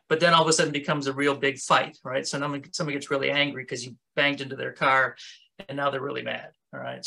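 Bright-voiced male self-defense instructor. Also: fairly high pitch. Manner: casual, conversational, talks with his hands. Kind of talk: instructional talk.

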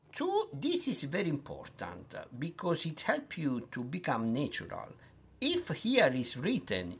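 A middle-aged man with an Italian accent, a language tutor who teaches pronunciation in a slow, unhurried way full of fillers and restarts. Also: on the high side, fairly bright tone, breathy edge.

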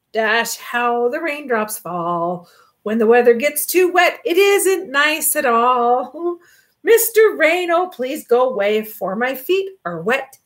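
A woman voicing a kindly, polite old gentleman rabbit in a storybook reading. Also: a little high. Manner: polite, mildly fussy, sing-song.

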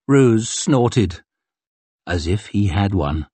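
A man narrating an audiobook in a wry, expressive reading. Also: mid-range voice, unhurried, slightly rough, no echo. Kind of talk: scripted narration.

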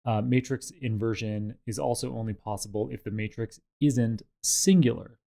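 A man teaching a tutorial, explaining step by step in a measured way over slides and a code demo. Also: lowish voice, dark tone. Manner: measured, explanatory, with occasional fillers. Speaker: instructor.

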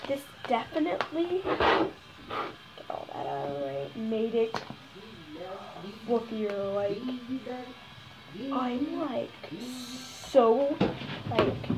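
A young woman, a slime vlogger, chats casually at home while making slime, rambling along with self-conscious asides. Her voice is medium in pitch, and there's heavy background noise.

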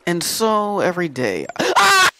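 Goofy swearing gamer dude, gravelly voice, all over the place pitch-wise. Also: male voice, expressive, a little slow, a bit bright. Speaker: let's player. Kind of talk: casual gameplay commentary.

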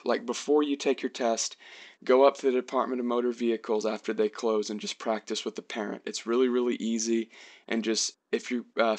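A young man giving earnest, chatty advice in a casual vlog, often restarting his sentences. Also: mid-range voice.

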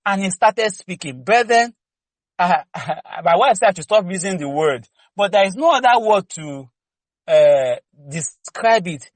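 A man preaches fervently in a fairly high voice. He exhorts his listeners with rhetorical questions and speaks candidly about his own prayer life. The sound is dry and close. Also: lively intonation, measured pace, dry recording, poor audio. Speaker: lay preacher. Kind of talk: preaching teaching session.

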